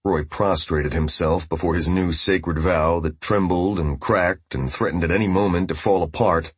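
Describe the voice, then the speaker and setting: A man narrating an audiobook with steady, grave storytelling. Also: sits low, moderate pace, hardly any pauses, slightly rough, dry recording. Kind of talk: scripted narration.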